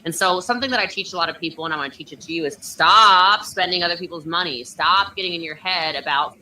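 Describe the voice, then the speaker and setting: High-energy woman giving sales coaching. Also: quick pace, pushed and bright, recorded from a distance, slight background noise, poor audio. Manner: high-energy, emphatic, pushy. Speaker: network marketing coach. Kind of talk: motivational coaching talk. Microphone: video call.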